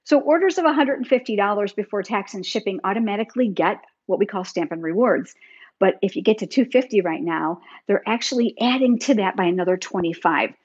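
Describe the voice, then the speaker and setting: Here a middle-aged woman's husky mid-range voice moves briskly with lively intonation, captured in lo-fi sound. It's a live crafting stream: she shows card making at her table, hands busy, in an upbeat, talkative way aimed right at viewers.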